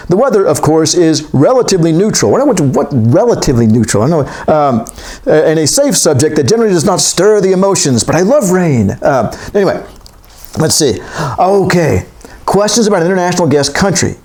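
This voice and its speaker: A man's voice: on the high side, darkish tone. A man giving a classroom lecture, reading from a text and wandering into joking asides.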